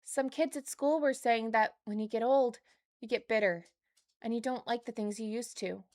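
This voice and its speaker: Young girl's diary voice, read by a woman, wistful, a touch higher. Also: normal speed, darkish tone, no echo, lightly acted. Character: eleven-year-old girl writing a diary.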